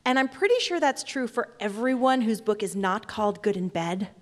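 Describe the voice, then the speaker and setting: A woman's voice: mid-range voice, expressive, normal speed, in a large hall. A woman in her forties, an author giving a chatty, self-deprecating comic storytelling talk on stage.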